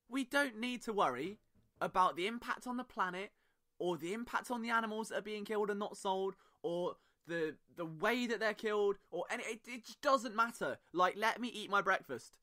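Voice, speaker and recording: A man's voice: high-pitched, moderate pace, bright, forceful tone. A young British man hosting a sports podcast, talking in a chatty, jokey way with rambling asides. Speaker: podcast host. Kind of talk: casual sports podcast monologue.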